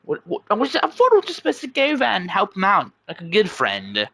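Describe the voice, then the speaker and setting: A man's voice: high voice, huge pitch swings, fairly quick, bright, forceful tone, no echo, pitched above the performer's own voice, exaggerated voice. A man voicing a clueless, upbeat young man who rambles and stammers. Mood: cheerful.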